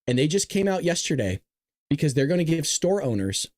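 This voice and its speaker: A man hosting his own show, giving casual political commentary in an animated way, often laughing and repeating himself. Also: a little high, a little fast, no echo. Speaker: show host. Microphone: webcam.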